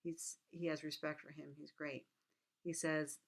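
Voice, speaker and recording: A woman with a notably low voice lectures on a text in a relaxed, conversational way. She reads quoted lines aloud, then drops into quick, chatty commentary. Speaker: literature teacher. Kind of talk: casual recorded lecture.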